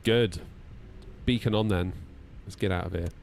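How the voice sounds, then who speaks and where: A man's voice: low voice, moderate pace, darkish tone, slight background noise. Chatty man in his thirties. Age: 30s. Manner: chatty, self-deprecating, talks through checklists. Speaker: flight-sim streamer. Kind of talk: casual live-stream chat.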